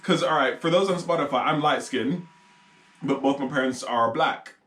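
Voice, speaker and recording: A man's voice: mid-range voice, moderate pace, a bit bright. A man co-hosting a podcast in a casual chat, rambling and laughing often as he acts out what people said. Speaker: podcast co-host. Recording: roomy echo.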